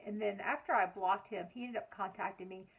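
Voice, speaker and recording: A woman vlogger tells a personal story in a casual, chatty way, acting out both sides of the conversations. Her voice is a little husky and sits in a middle range. The sound is thin and tinny, as if it were heard over a phone. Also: mid-range voice, fairly quick. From Lexington, Kentucky. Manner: chatty, animated retelling with frequent fillers.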